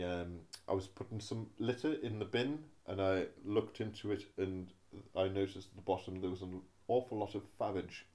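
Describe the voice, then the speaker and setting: A man's voice: fairly low pitch, a little mellow. A man co-hosting a casual comic podcast, rambling jokily between silly voices. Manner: jokey, rambling, breaks into silly voices and sing-song. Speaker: podcast co-host.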